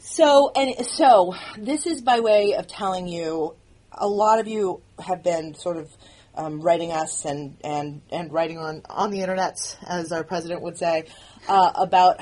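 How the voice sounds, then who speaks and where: The show's writer and producer, a woman with a fairly low, slightly mellow voice, speaks openly in an audio commentary. She's earnest but hesitant, repeatedly restarting her thoughts.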